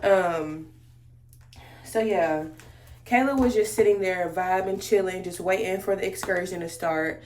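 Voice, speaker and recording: A beauty vlogger with a lowish voice and measured pace tells a story while doing her makeup, chatting casually and with slang straight to her viewers. The recording has a roomy echo.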